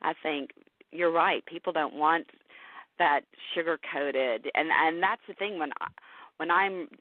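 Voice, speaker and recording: A woman's voice: low-pitched, a little slow, no room sound. Candid woman on a tinny phone line. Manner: emotional, candid, animated storytelling with laughs. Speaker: podcast host and caregiver guest. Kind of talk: casual interview chat.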